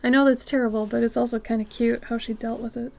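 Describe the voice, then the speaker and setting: A woman artist chatting casually with her live-stream viewers, often dropping to a soft near-whisper and breaking into excited exclamations. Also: fairly high pitch, fast, vocal fry.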